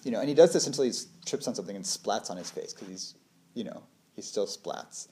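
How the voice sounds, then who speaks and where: A man's voice: lowish voice, lively intonation, fast talker, warm tone, slight background noise. A man in his thirties giving a casual talk on meditation, laughing often and acting out little quoted voices. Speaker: meditation teacher.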